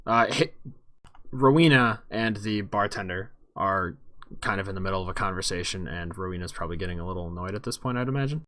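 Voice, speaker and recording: A man's voice: low-pitched, fast, fairly bright tone, no echo. A man running a tabletop game as dungeon master, asking his players easygoing questions.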